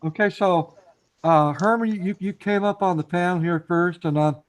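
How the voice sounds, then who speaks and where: At a normal speed and in a high voice, a man hosts a relaxed live stream panel. Encouraging by nature, he keeps calling guests up to chat, repeats himself often and talks to the chat directly.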